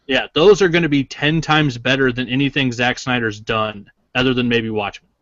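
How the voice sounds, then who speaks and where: A man's voice: mid-range voice, fairly even intonation, normal speed, fairly bright tone, dry recording, highs cut off. A man co-hosting a podcast in casual chat, opinionated and argumentative, swearing casually. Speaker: podcast co-host.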